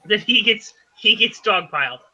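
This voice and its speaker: A man running a tabletop game as game master, explaining rules haltingly with many fillers. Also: sits high, lively intonation, pushed and bright, muffled recording.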